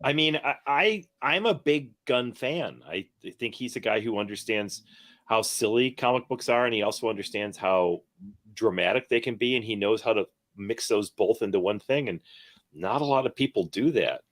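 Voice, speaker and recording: A man's voice: on the low side, lively intonation, moderate pace, a bit bright. A man on a casual panel chat, joking dryly and often stammering as he restarts. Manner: dry humor, stammering restarts. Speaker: panel guest.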